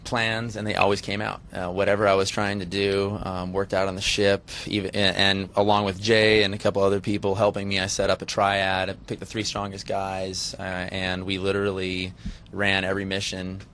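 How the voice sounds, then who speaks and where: Rambling low-voiced man on a show. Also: completely flat delivery, normal speed, a bit bright, slight background noise. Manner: rambling, restarts with many ums. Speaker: reality TV contestant guest. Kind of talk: casual interview chat.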